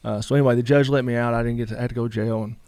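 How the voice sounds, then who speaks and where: A man's voice: mid-range voice, steady tone, rapid-fire, a little mellow, dry recording. A man, a guest telling a long story in a casual interview, rambling with lots of "you know" asides.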